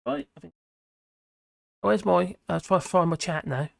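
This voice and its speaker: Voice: mid-range voice, normal speed, vocal fry. Chatty live-stream host. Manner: chatty and scattered, reacting aloud to comments. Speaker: live-stream host reading viewer chat. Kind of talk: casual live-stream chat.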